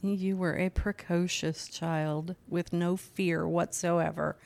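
A middle-aged woman, the host's mother, telling family stories in a casual chat with a measured manner. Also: on the low side, fairly even intonation, vocal fry, darkish tone. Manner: measured, unhurried storytelling.

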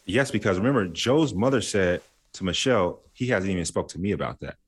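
Deep-ish guy joking around in a chill chat, laughs a lot. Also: animated, brisk, husky. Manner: playful, jokey, laughs while imitating friends. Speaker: podcast co-host. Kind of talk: casual chat.

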